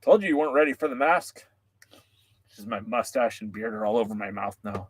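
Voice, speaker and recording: A man hosting a wrestling podcast in a casual livestream, excitable and joking as he chats with viewers' comments. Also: medium pitch, fast talker, gravelly, slightly rough, dry recording.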